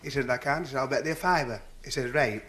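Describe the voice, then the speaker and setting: A man's voice: medium pitch, fast, a bit bright. A man with a Northern English accent telling stand-up jokes in a chatty, folksy dialect before a live audience. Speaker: stand-up comedian.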